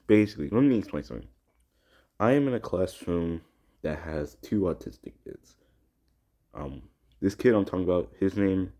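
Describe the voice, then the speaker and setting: A teenage boy vents in an agitated personal vlog, his voice sitting very low. He often restarts his words and swears heavily as he goes. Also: warm tone. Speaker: student vlogger. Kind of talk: upset personal vlog rant.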